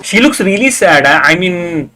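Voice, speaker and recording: A man giving casual live reaction commentary, excitable, cheering and groaning at the screen, often repeating himself as he talks. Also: sits high, normal speed, soft background music. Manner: repeats words and restarts often. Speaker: reaction video host.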